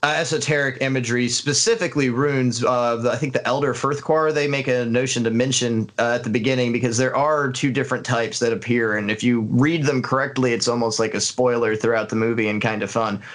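A man co-hosting a casual film review podcast, talking in an earnest, analytical way with frequent pauses and fillers. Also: mid-range voice, fairly even intonation. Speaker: podcast co-host.

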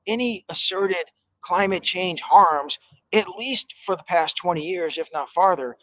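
A man on a discussion panel, arguing his case point by point in a somewhat high voice. The recording is dry and close. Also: a bit bright, dry recording, rough recording. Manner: argumentative, builds a point step by step.

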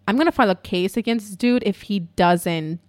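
A young woman telling a story in a casual, profane, animated way at home in her apartment. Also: mid-range voice, a little fast.

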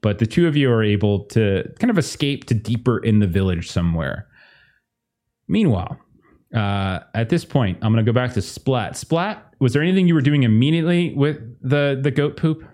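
A man's voice: mid-range voice, lively intonation, normal speed, dark tone. A man running a tabletop game as game master, narrating loosely with many fillers.

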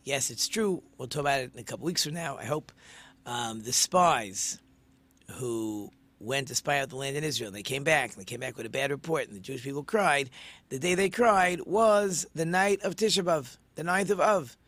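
A man's voice: mid-range voice, moderate pace, fairly bright tone. A man teaching an informal religious class, talking conversationally, asking himself rhetorical questions, with frequent ums and restarts. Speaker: Torah teacher.

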